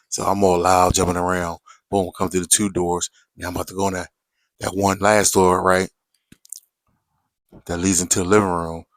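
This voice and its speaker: A man's voice: deep voice, level tone, moderate pace, pauses often, no echo. A man telling a story to his viewers in a casual, slangy way, often checking in with "right?" and "you know".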